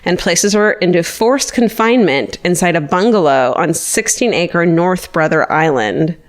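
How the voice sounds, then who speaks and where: A woman's voice: lowish voice, lively intonation, moderate pace. A woman podcast co-host casually retelling a true crime story, swearing freely and acting out quoted lines. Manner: profane, breezy retelling with voiced asides.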